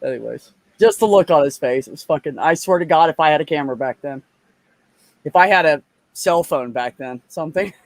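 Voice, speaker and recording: A woman telling profane, animated stories in a casual chat as a guest. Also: deep voice, a little fast, no room sound.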